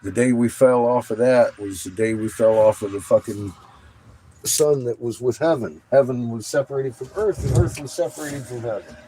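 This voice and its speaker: A middle-aged man rambling excitedly and profanely in a casual monologue, showing off rocks from inside an RV. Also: medium pitch, normal speed, slight background noise.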